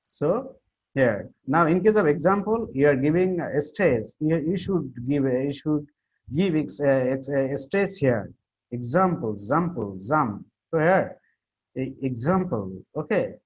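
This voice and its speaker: A man lectures students on pronunciation, stopping and restarting often and filling pauses with "uh" and "you know". His voice is husky. The recording sounds dull and muffled. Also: fairly high pitch, lively intonation, darkish tone. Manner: halting, repeats himself, many fillers and restarts. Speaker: English teacher.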